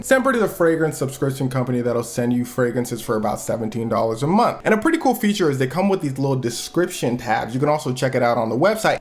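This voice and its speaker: Animated man telling a comic story. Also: medium pitch, slight background noise. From United States. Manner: slangy, acts out quoted people in voices. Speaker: YouTube storyteller and reviewer. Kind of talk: comedic storytelling commentary.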